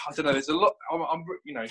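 A man talking through a film review in a loose, excitable ramble, dropping the odd swear word. His voice sits fairly high for a man. A faint hiss runs underneath. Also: fast talker, poor audio. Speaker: podcast guest. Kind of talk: casual film review chat.

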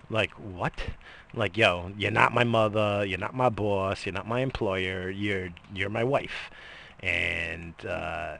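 Casting: middle-aged man, gravelly low voice, bright edge, loose profane vlog ramble with frequent coughs. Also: measured pace. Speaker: vlogger. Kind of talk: casual rambling monologue.

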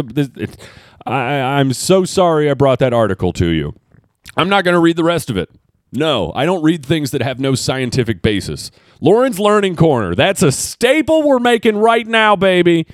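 A man's voice: fairly high pitch, sing-song, moderate pace, no echo, clean studio sound. A man hosting his own podcast, talking alone in sarcastic, rambling rants with some swearing. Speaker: podcast host. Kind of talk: casual solo commentary.

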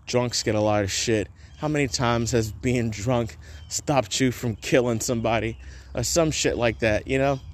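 A man's voice: medium pitch, slight background noise. A young man hosting a casual solo podcast, rambling loosely, swearing often and laughing at his own jokes. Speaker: podcast host.

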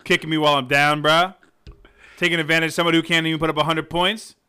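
A young man co-hosting a podcast in casual banter, loud, profane and indignant, yelling into his microphone. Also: fairly high pitch, little pitch movement, racing, smooth. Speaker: podcast co-host.

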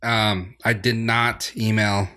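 A man hosting a casual gaming podcast, relaxed and chatty with plenty of fillers. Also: on the low side, slow. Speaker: podcast host.

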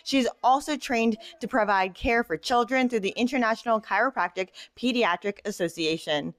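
A woman's voice: a little high, moderate pace, no room sound. A woman host reading a formal, scripted introduction of her guest.

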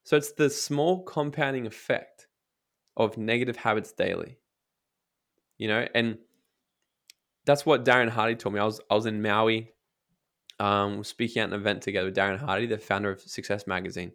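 A man's voice: fairly low pitch, moderate pace, pauses often. Blunt, swearing motivational man. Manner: energetic, blunt, swears freely; acts out inner voices in quotes. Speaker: motivational speaker and coach. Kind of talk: casual podcast interview.

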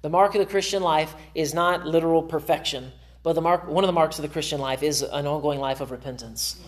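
A man's voice: on the high side, a little fast. A man preaching in a church in an earnest, conversational way. He speaks as a pastor, giving a sermon to his congregation. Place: church sanctuary.

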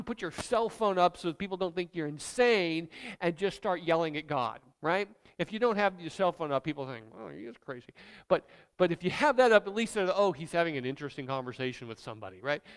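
A male pastor delivers a sermon in an animated, emphatic and conversational way. His voice sits high for a man and leaps widely in pitch. He sounds like he is talking straight to his listeners. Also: smooth.

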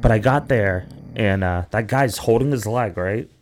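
A man's voice: lowish voice, moderate pace. A young man hosting a podcast, telling a long story casually with lots of swearing and "like" fillers. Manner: rambling, profane, acts out quoted voices. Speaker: podcast host.

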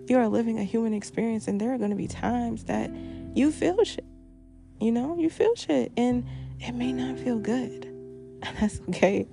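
A woman's voice: mid-range voice, vocal fry, dark tone. A woman hosting a podcast, talking candidly and emphatically in a reflective personal monologue, repeating phrases and swearing freely. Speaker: podcast host.

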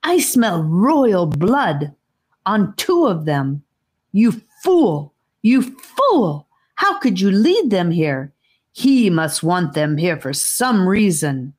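A woman's voice: lowish voice, lively intonation, slow pace, slightly rough, full character voice. A woman reading an audiobook, voicing an evil, authoritative female snake creature with a commanding, menacing manner. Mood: shrieking.

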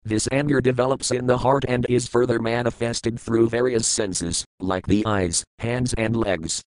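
A man reading scripture verses with word meanings and commentary in a measured, methodical recitation. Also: mid-range voice, fairly even intonation, a little mellow, no room sound, low-quality recording. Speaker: scripture reader.

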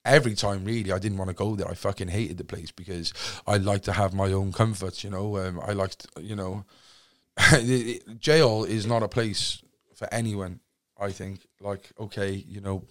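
A man's voice: sits low, flat delivery, normal speed, fairly bright tone. A man with a South Wales accent, a podcast guest telling stories in casual chat, swearing freely and rambling with many restarts. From Cardiff, Wales.

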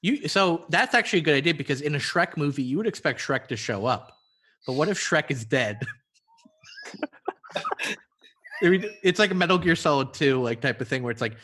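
A man's voice: fairly high pitch, expressive, moderate pace, pauses often, fairly bright tone. A man riffing playfully in a casual comedic podcast chat. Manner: riffing, playful, slips into silly voices.

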